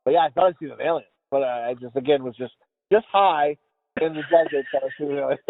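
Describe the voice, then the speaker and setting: A man's voice: fairly high pitch, quick pace. A man co-hosting a podcast, rambling and mumbling in casual chat, swearing freely. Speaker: podcast co-host. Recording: tinny phone-like sound with a long reverb tail.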